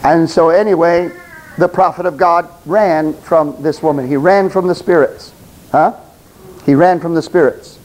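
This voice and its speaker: A man's voice: a little high, a little slow, darkish tone, rough recording. A man preaching a sermon, talking straight to the congregation with emphatic repetition and stumbling now and then as he reads aloud.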